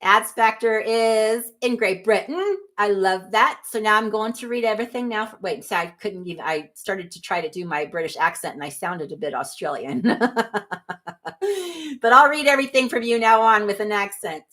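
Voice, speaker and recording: A woman's voice: mid-range voice, animated, moderate pace, fairly bright tone. Middle-aged lady rambling on her livestream, chatty, laughs a lot, says sorry a lot. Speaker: livestream host. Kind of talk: casual chat reading live comments.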